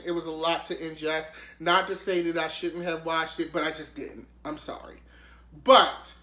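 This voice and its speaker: A sassy, animated man riffs on the news in casual comedic commentary, cursing freely and jumping to shrieking highs. His voice is bright and edgy, and it bounces around an echoey room. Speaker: commentary vlogger.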